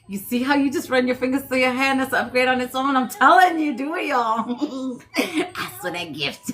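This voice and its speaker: A woman's voice: sits high, normal speed, a bit bright, faint music behind. A woman hosting a wellness livestream, chatting with viewers in a playful, teasing way, laughing often and calling them darling. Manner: calls listeners "darling". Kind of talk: casual live chat with viewers.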